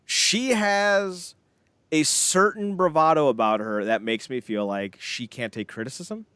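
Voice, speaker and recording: A man co-hosting a casual wrestling podcast, ranting in an animated, sarcastic way with frequent swearing. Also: a little high, measured pace, smooth, no room sound. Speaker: podcast co-host.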